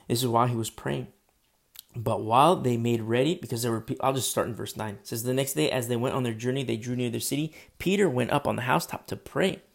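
A man preaches a relaxed, talky sermon, reading verses and then explaining them. His voice sits at an ordinary pitch with a gravelly edge, and he fills his sentences with "you know" as he goes. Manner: conversational preaching with many "you know" fillers. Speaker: pastor. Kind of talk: expository sermon.

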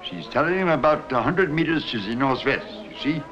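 An old bee scientist, film clip. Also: male voice, on the high side, lively intonation, a bit bright. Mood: explaining. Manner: halting, explanatory, stilted foreign-sounding phrasing. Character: elderly male scientist decoding bee language. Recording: dull film clip audio with faint music.

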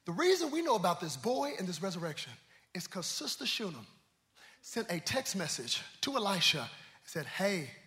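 High-voiced preacher swinging to shouts. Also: male voice, big pitch swings, normal speed. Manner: preaching with call-and-response, swinging from quiet to shouting. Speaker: pastor. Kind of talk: sermon.

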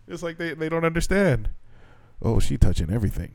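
A young man, a teacher, telling a frustrating work story on a podcast, animated and swearing freely as he acts out what people said. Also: on the high side, normal speed, vocal fry, no echo. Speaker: podcast co-host; assistant language teacher in Japan. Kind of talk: casual chat.

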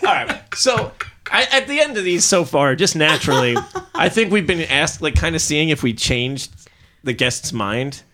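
A man's voice: lively intonation, moderate pace, noisy background. A man co-hosting a podcast, chatting casually, joking and laughing often, from New Jersey. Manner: jokey, laughing, slips into high put-on voices. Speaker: podcast co-host. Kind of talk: casual chat.

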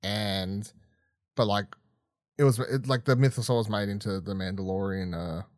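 A man's voice: lowish voice, steady tone, normal speed, dry recording, studio quality. A man co-hosting a podcast, reviewing an episode in casual chat, exasperated, swearing and laughing often. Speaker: podcast co-host.

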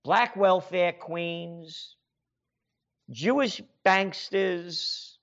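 A man's voice: high-pitched, very slow, creaky, a bit bright, muffled recording. An American man and author ranting sarcastically in a monologue, firing off rhetorical questions in a heated tone. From United States.

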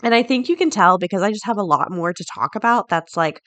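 A woman's voice: medium pitch, expressive, fast talker, a bit bright. A middle-aged woman hosting a daily podcast, chatting off the cuff with frequent laughs and reading out headlines. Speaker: podcast host. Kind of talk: casual chat and reading headlines.

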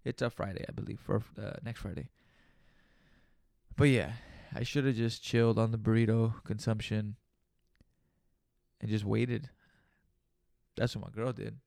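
Young guy, solo podcast host, gravelly rasp, dry close sound, loose profane rambling with jokey asides. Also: fairly low pitch, steady tone, measured pace, long pauses, darkish tone, dry recording. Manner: profane, rambling and joking, with playful repeated asides. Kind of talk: casual solo podcast monologue.

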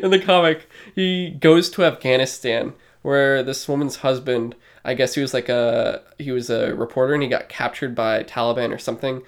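A man's voice: mid-range voice, moderate pace. A man co-hosting a podcast in casual chat, rambling loosely with plenty of fillers and swearing. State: short of breath. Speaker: podcast co-host.

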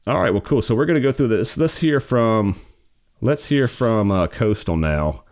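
A man's voice: mid-range voice, animated, moderate pace, darkish tone. A man hosting a gaming podcast, chatting casually and rambling through stories with lots of restarts. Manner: rambling, self-correcting storyteller. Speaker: podcast host.

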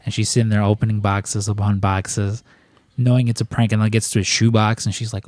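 A man's voice: on the low side, flat delivery, fast, a little mellow, dry recording. A young man co-hosting a podcast, telling a long story in casual chat and swearing freely as he rambles. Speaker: podcast co-host.

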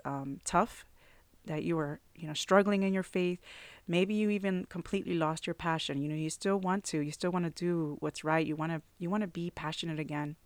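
A woman's voice: on the low side, fairly bright tone, no room sound, clean studio sound. A woman hosting a faith podcast, talking earnestly and from the heart to her listeners, with frequent "you know" fillers. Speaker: podcast host.

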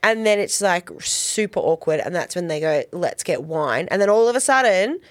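A woman's voice: medium pitch, lively intonation, fairly quick, no room sound. A woman recaps a TV episode with her co-host in a home garage studio, laughing often and slipping into playful quoted voices. Her voice sits in a middle register. The sound is dry and close on a podcast microphone. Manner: chatty, giggly, quotes characters in playful voices. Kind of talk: casual chat recapping a TV episode.

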